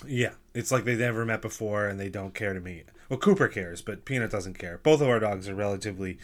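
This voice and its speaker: A man's voice: lowish voice, fairly quick. A man co-hosting a podcast in casual chat, laid-back and dry. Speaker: podcast co-host.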